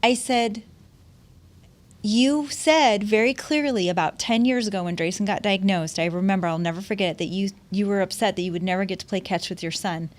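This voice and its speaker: Middle-aged woman host, heartfelt and chatty, laughs through her stories, average pitch. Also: moderate pace. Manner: emotional storytelling, laughs often, many restarts. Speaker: podcast host. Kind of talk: casual heartfelt conversation.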